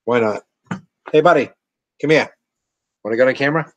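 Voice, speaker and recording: A man's voice: medium pitch, fairly quick, dry recording, rough recording. Tipsy rambling male podcast host. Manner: rambling, self-mocking, a bit tipsy. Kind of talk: casual live-stream chat. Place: at home with family.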